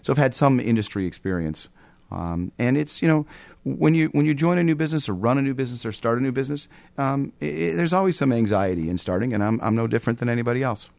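A man speaking as a business guest in a radio interview, measured and businesslike, with frequent "um" fillers. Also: mid-range voice, animated, vocal fry, darkish tone, no room sound. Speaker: company executive, guest. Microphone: studio microphone with headset.

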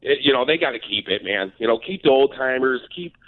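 A man's voice: medium pitch, expressive, fairly quick, no echo. A man calling in to a radio show, rambling with many fillers. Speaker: caller. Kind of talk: phone call to a radio show. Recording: tinny phone line.

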